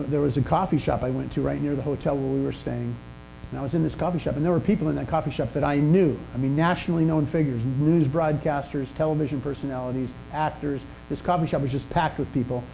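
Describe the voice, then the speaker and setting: An older man preaching a sermon in a church, telling stories in a conversational way with pauses and restarts. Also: mid-range voice, creaky, mellow, slight background noise, rough recording. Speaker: pastor. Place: church sanctuary.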